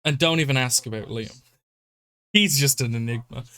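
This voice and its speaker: A man's voice: mid-range voice, normal speed, bright, forceful tone, clean tone. A man hosting a game stream, rambling casually, swearing and laughing often. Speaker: streamer and host.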